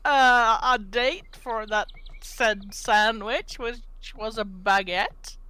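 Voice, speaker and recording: A woman from Norway, a guest artist answering interview questions in a modest, unhurried way, thinking aloud as she goes. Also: fairly high pitch, sharp tone, clean tone, no echo.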